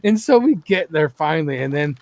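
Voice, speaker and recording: A man's voice: a little high, lively intonation, fairly quick, a little mellow. A man from Iowa, telling rambling, profane stories in a casual chat as a game streamer, often laughing. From Iowa, USA.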